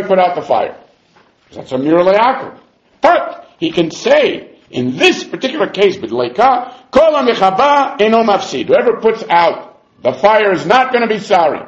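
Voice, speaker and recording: Animated man teaching Talmud. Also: fairly high pitch. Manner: animated, argues both sides in quoted voices. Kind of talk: Talmud class lecture. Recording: echoey room, dull lo-fi sound.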